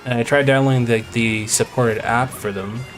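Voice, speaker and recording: Over soft background music, a man live-streams a game while telling a long, rambling story in casual chat. His medium-pitched voice holds a steady tone at a moderate pace, and he retells conversations at length.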